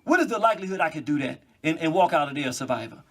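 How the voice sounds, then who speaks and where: Animated high-voiced man. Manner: animated, quick bursts with laughs. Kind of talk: monologue.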